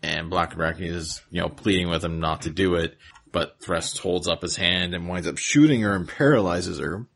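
A man's voice: low-pitched, normal speed, creaky, a bit bright, slightly rough. A male podcast host recapping a cartoon episode in a laid-back, rambling way.

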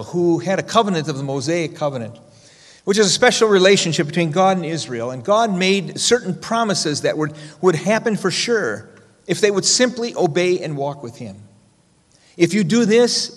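A pastor preaching a sermon, rising to loud emphasis and dropping to hushed, slow quotations. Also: male voice, high voice. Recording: long reverb of a church hall.

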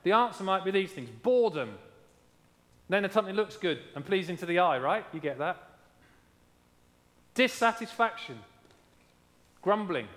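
A man's voice: high voice, big pitch swings, a little slow, pauses often, fairly bright tone, long reverb tail. A man preaching a sermon as pastor, emphatic, repeating key lines and asking his congregation how they are doing.

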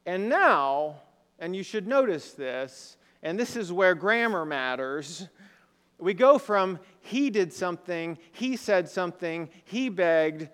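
A man's voice: high voice, a bit bright, smooth. A man preaching a sermon in a conversational way, often asking the congregation rhetorical questions. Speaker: pastor. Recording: long hall reverb.

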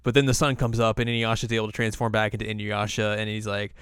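A man's voice: on the low side, little pitch movement, fast talker, fairly bright tone, clear, resonant tone, dry recording, clean studio sound. A man co-hosting a podcast, casually recapping episodes in a laid-back, loose way. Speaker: podcast co-host.

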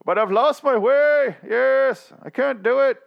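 A man mimicking a self-pitying fallen king in a whiny, drawn-out, mock-dramatic voice. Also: very high-pitched, creaky, muffled recording, pitched above the performer's own voice, exaggerated voice. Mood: mopey.

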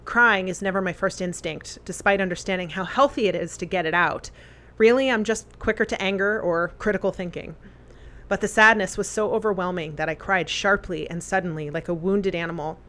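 A woman earnestly reading a memorial letter aloud, with deliberate phrasing. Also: lowish voice, fairly bright tone.

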